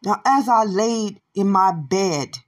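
A woman delivering a profane, repetitive monologue, shouting at times and muttering low at others. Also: expressive, takes it slowly. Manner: swears constantly, repeats phrases, swings from shouting to low mutters.

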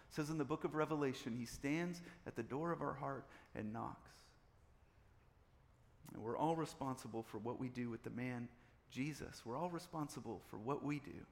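A man's voice: mid-range voice, in a large hall. A man preaching a sermon, repeating phrases and building up in intensity. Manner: preaching with swelling intensity and repetition. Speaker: pastor.

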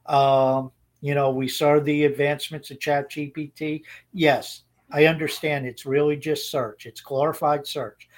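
A man with a fairly high voice talks on a podcast, rambling with frequent restarts. He gives blunt opinions in a relaxed, conversational way. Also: a little slow, few pauses. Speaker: podcast co-host. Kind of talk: casual opinionated chat.

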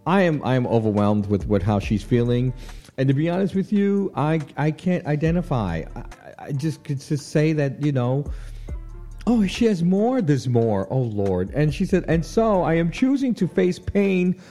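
A man's voice: mid-range voice, normal speed, faint music behind. A man hosting a radio show, chatting casually and laughing often as he riffs on a celebrity breakup. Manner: animated, chatty, laughs often, frequent "you know what I'm saying". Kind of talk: casual on-air commentary. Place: radio studio.

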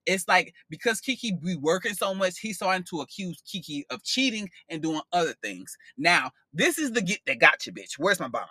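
A man with a fairly high, bright and forceful voice gives a casual tarot reading. He is sassy and expressive and swears freely. The sound is dry and close, with no room around it. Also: normal speed, hardly any pauses, husky, no room sound. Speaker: tarot reader.

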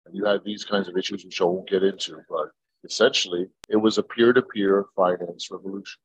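A man from Egypt, a podcast guest, telling stories in a lively way, laughing and swearing freely. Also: deep voice, a little fast, husky, rough recording. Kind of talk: casual podcast chat.

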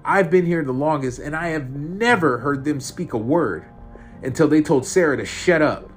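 A man's voice: fairly high pitch, moderate pace, faint music behind, voice pushed up, natural voice. A man voicing a blunt, skeptical young woman held captive.

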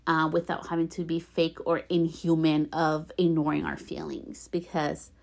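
A woman in her thirties hosting a heartfelt solo podcast, talking gently and warmly with encouraging affirmations and a light giggle now and then. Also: fairly low pitch. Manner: gentle affirmations, repeats herself for emphasis. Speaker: podcast host.

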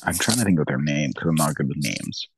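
A man with a notably deep voice holds forth in loose, profane podcast banter. He rants with animated energy and slips into mocking put-on voices. A faint hiss of noise sits under the recording. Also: fairly quick, rough recording. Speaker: podcast co-host. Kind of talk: casual chat.

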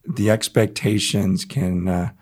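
A middle-aged man speaking as a guest pastor in an interview, earnest and halting with emphatic bursts. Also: low voice, steady tone, a little mellow. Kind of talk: reflective interview talk.

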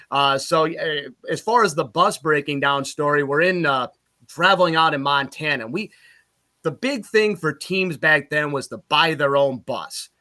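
His voice is on the high side. A play-by-play broadcaster in middle age, from Utica, New York, he's telling stories from the road in easygoing podcast talk, lively and booming at the punchlines.

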